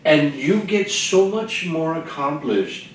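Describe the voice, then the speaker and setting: A man's voice: on the high side, slow pace. A man, a veteran, telling stories in casual group talk and acting out the exchanges he quotes. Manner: animated, acts out quoted exchanges. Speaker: veteran guest on a panel. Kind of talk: casual storytelling in a group chat. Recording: echoey room, voice from far off mic, faint noise.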